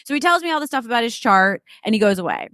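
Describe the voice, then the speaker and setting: Candid higher-voiced woman telling a story. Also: racing, no echo, clean studio sound. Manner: animated, candid, laughs through her story. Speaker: guest co-host. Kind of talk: casual storytelling chat.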